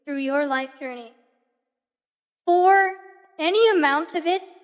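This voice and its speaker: A woman streamer with a very high voice gives a slow, earnest pep talk to her chat. She pauses now and then to search for her words. Her voice carries a long reverb tail over faint music.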